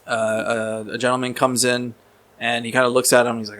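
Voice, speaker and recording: Casting: rambling male podcast guest, casual storyteller, mid-pitched. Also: little pitch movement, brisk, a bit bright. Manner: rambling, repeats words, swears casually.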